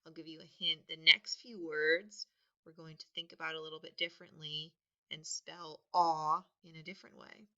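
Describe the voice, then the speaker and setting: A woman teaching a spelling lesson, patiently sounding words out and stressing each one loudly. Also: deep voice, steady tone, normal speed. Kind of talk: slow, deliberate spelling lesson. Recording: dull lo-fi recording.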